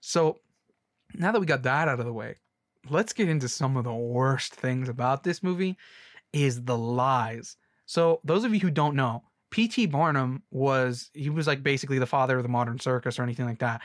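A man's voice: mid-range voice, normal speed, no echo. Young guy ranting about a movie, sarcastic, rambly, dry close sound. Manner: rambling, sarcastic, many restarts and mocking voices. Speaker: movie reviewer. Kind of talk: casual movie rant.

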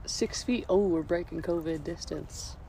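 Playful young woman, gravelly edge. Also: fairly low pitch, unhurried, dark tone, slight background noise. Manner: playful, joking, laughs easily. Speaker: podcast co-host. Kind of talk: casual chat. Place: outdoors, sitting on a bucket. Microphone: handheld recorder moved between speakers.

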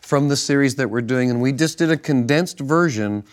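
A man, a pastor, co-hosting a ministry broadcast, telling stories in a relaxed way with restarts and chuckles. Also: mid-range voice, moderate pace, smooth. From northern United States. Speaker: pastor and co-host. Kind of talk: casual ministry broadcast chat.

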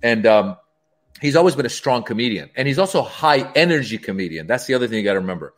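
Animated man telling comedy-club stories. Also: mid-range voice, fast. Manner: animated, acts out quoted dialogue in raised voices. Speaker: stand-up comedian. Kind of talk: storytelling as a podcast guest.

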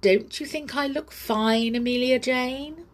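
A woman's voice: high voice, a little slow, pitched above the performer's own voice. A proud gloating snowman, read by a woman. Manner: laughing, gloating.

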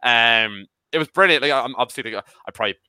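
A man of about thirty chatting as a podcast panelist, excitable and swearing casually. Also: medium pitch, fast talker, smooth, no room sound. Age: 30s. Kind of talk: casual chat.

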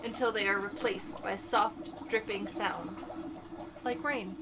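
A woman reading a horror comic aloud among friends, narrating in an unhurried, playful way. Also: medium pitch, steady tone, a bit bright, a little hiss or hum. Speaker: reader.

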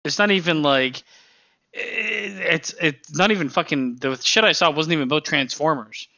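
A man's voice: fairly high pitch, normal speed, bright, forceful tone. A man co-hosting a podcast in casual chat, swearing often and laughing between his points. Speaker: podcast co-host. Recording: dull, lo-fi sound.

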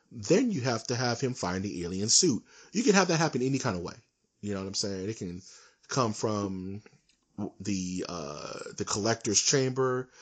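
A man co-hosting a casual podcast, ranting in an animated, emphatic way. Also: lowish voice, breathy edge. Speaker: podcast co-host. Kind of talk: casual chat.

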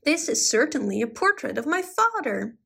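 A woman voicing a proud, excited young tomcat in a storybook. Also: high-pitched, moderate pace, gravelly, slightly rough, full character voice. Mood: calm.

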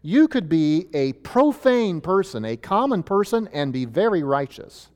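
A pastor teaches from a chart in a loose, chatty way, restarting his sentences and filling pauses. His pitch swings up and down with animation. His voice carries a long reverb from a church hall. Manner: lively, conversational, many fillers and restarts.

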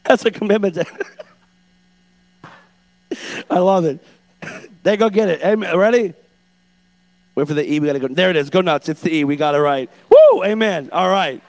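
A man with a fairly high voice, working up a church congregation from the platform. He talks in quick, energetic bursts and keeps the crowd cheering and clapping. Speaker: church host.

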